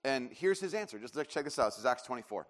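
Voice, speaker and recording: A man's voice: mid-range voice, expressive, fast. A man in his thirties preaching a sermon, telling a story in a rambling way with lots of fillers and restarts. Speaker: pastor. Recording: long hall reverb.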